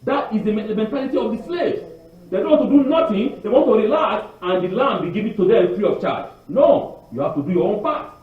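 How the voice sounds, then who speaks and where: High, lively-voiced preaching man. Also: a little fast. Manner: animated preaching with rhetorical questions to the congregation; repeats words and restarts often. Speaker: congregation teacher. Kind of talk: sermon on the weekly Torah portion. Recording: very echoey, distant, dull lo-fi.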